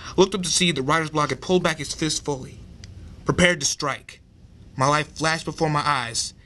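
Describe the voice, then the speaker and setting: A man's voice: a little high, moderate pace, sharp tone. Young man reading a dramatic story. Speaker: open mic performer. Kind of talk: reading his own story aloud.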